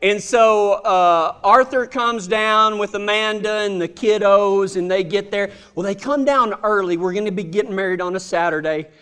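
A man with a high-pitched voice tells a humorous personal story. His delivery is folksy and drawling, and he sounds amused at his own jokes. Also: moderate pace, hardly any pauses, fairly bright tone, clear, resonant tone.

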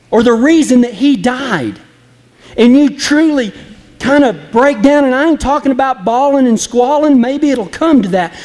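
A man's voice: very high-pitched, darkish tone, big-room sound. A man preaching an impassioned, folksy sermon that speaks straight to the congregation. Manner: impassioned, folksy and direct, acting out flippant apologies.

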